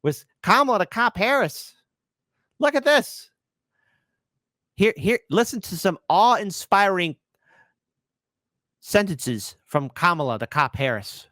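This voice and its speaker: A man hosting a political commentary livestream, sarcastic and mocking, swinging between shouts and hushed asides. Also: high-pitched, sing-song, slow, long pauses, no room sound, clean studio sound.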